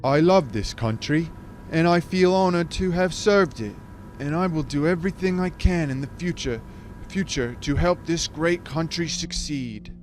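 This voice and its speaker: A man's voice: fairly high pitch, normal speed, hardly any pauses, faint music behind, pitched above the performer's own voice, lightly acted. A man doing an impression of a British male prime minister giving a strained, sad resignation speech. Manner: strained, earnest speech delivery.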